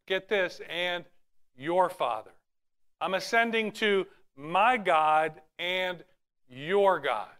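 A man with a high, bright voice preaches earnestly in a church. He reads scripture aloud and often restarts his phrases as he works through each point. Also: clean tone. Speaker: pastor. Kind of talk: sermon.

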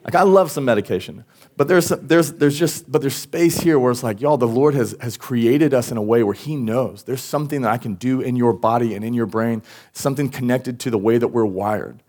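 A man's voice: mid-range voice, fairly quick, a little mellow. A man giving a sermon at a church service as pastor, talking in a casual way with many restarts and asides. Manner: conversational, with frequent restarts and asides.

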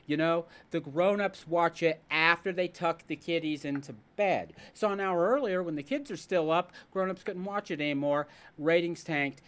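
A man hosting a casual podcast, telling stories and ranting with jokes. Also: a little high. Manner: animated, ranting, jokey storyteller. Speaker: podcast host. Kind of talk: casual chat.

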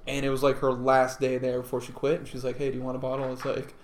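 A man co-hosting a casual chat, rambling and joking, often trailing off softly. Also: mid-range voice, monotone, fast. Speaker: co-host. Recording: echoey room with faint noise.

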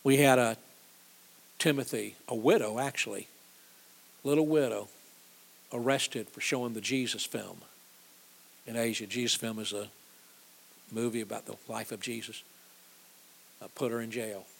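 Gravelly-voiced man preaching. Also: mid-range voice, fairly even intonation, normal speed, long pauses, slight background noise. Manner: emphatic, repeats key phrases, leads audience responses. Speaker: missions ministry leader. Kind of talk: missions talk in church with slides.

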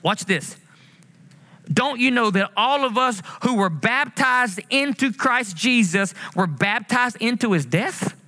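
A man preaches a sermon in a bright, forceful voice that sits high for a male speaker. He races through asides, then slows and lifts his voice passionately on the lines he wants to land. The delivery is animated and emphatic throughout. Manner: preaching with animated swings, rising passionately and drawing out quotes. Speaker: pastor.

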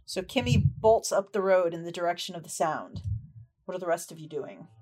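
A woman running a tabletop game as game master, describing scenes in a relaxed, chatty way with frequent fillers. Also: lowish voice, a little fast, a crowd in the background.

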